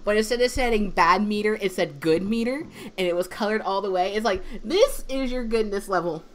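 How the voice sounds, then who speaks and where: A woman in education co-hosting a casual livestream, chatty and swearing freely, her voice strained from yelling. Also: mid-range voice, brisk. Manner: chatty storyteller, swears freely, acts out quotes.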